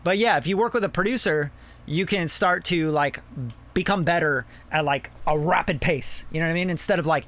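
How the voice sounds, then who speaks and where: Host: high, bright-voiced man, loose and profane, casual review talk. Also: brisk. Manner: loose and profane, lots of "like" and "bro". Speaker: music producer reviewing songs. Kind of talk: casual live-stream review.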